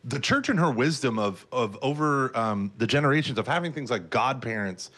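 Lively Texan man in interview. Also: mid-range voice. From Texas. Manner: animated, laughs often, quick asides. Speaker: guest, parish ministry leader. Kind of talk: casual interview answers.

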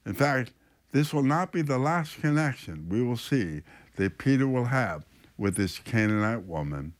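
A male priest hosting a radio Bible-teaching show. His voice rises and falls a great deal as he tells the story, and he pauses to think aloud between points. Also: medium pitch, animated.

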